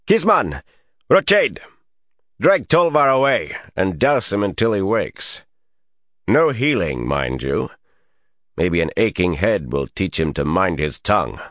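A man's voice: a bass voice, big pitch swings, a little slow, no echo, heavily acted. A menacing male commander, played by a man, almost jolly on the surface, who raises his voice to bark orders. Heard in a dry, close audiobook reading. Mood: commanding. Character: commanding, menacing male leader of a school of channelers.

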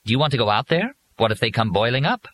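A man's voice: medium pitch, very animated, fast talker, fairly bright tone, pitched above the performer's own voice. A man reading an audiobook, voicing a fussy, servile robot servant with formal, precise speech.

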